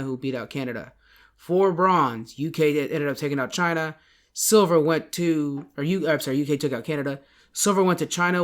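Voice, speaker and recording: A man's voice: a little high, fairly bright tone, clean tone. A man hosting a casual podcast, rambling through an esports recap and often correcting himself. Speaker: podcast host.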